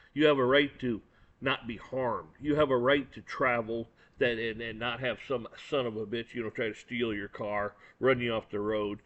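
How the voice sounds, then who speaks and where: On a dull lo-fi recording, a male commentator with a medium-pitched, fairly bright voice delivers an angry opinion rant. He is blunt and profane and keeps repeating words.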